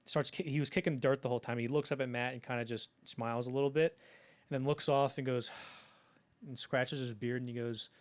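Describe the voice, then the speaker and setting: A man co-hosting a film history podcast, telling behind-the-scenes anecdotes in a casual, animated way and acting out the quotes. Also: mid-range voice, brisk. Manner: animated storytelling, acts out quoted lines. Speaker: podcast co-host.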